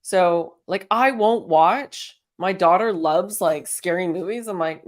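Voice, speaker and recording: A woman's voice: fairly low pitch, takes it slowly. A woman hosting a casual spiritual self-help talk, chatty and encouraging, firing off strings of rhetorical questions and laughing often. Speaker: host.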